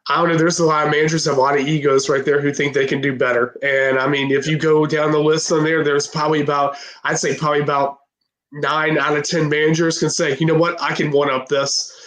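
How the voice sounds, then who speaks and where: Guy on a football podcast, talks quick, fairly high voice, rambles, lots of filler words. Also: flat delivery, fairly bright tone. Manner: rambling, with constant fillers like "right there" and "I mean". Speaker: podcast co-host. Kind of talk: casual football chat.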